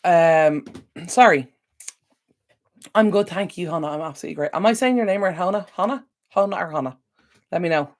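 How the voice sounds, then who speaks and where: With a lowish voice, an Irish woman hosts a relaxed livestream from her home near a window, speaking briskly but pausing often. She calls out viewers by name and says "um" frequently.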